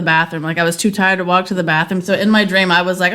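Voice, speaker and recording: A woman's voice: lowish voice, steady tone, fast talker, hardly any pauses, bright, forceful tone. A chatty woman on a casual podcast spins long personal stories. Her talk is full of fillers like "like" and "you know". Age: adult mother. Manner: chatty storyteller, lots of fillers. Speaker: podcast co-host. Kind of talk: casual chat.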